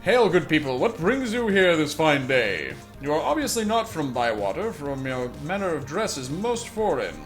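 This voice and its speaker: A man's voice: fairly high pitch, sing-song, normal speed, few pauses. A man voicing a male king holding court, grand and declaiming, over background music.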